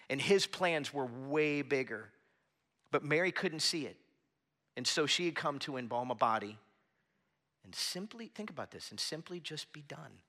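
A man's voice: on the high side, pushed and bright. A man preaching a sermon as pastor in a church with a small audience, earnest and conversational, often restarting his phrases.

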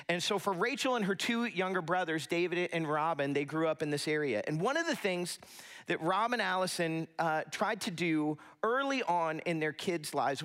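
A man's voice: a little high, fairly bright tone. Conversational man preaching a sermon. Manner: conversational, storytelling with asides. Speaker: pastor. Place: church sanctuary.

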